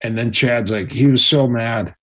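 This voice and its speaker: A man telling stories in a casual interview, animated and acting out the other people's voices. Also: mid-range voice, normal speed. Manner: animated, acts out quoted voices. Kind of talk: casual storytelling.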